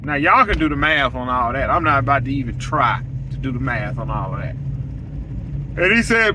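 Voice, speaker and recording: A man's voice: mid-range voice, sing-song, a little fast, noisy background. A man, a welder hosting his own show, telling a story straight to his viewers in a blunt, preachy way. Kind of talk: casual storytelling monologue to viewers.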